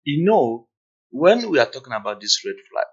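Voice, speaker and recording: A man's voice: mid-range voice, very animated, moderate pace, slightly rough, lo-fi sound. A man talking on a podcast panel, acting out little scenes and often checking "you understand?". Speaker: podcast guest. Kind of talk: casual panel discussion.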